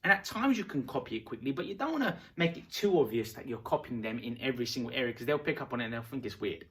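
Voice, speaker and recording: A man teaching about rapport in a casual, animated way, acting out short dialogues. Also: medium pitch, fast talker. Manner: animated, acts out little dialogues. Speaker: self-help coach.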